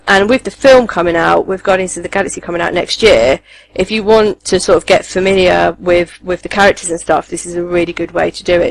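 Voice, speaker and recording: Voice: mid-range voice, a bit bright, low-quality recording. A podcast co-host, chatting casually and eagerly, with many ums and restarts. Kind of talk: casual chat reviewing comics.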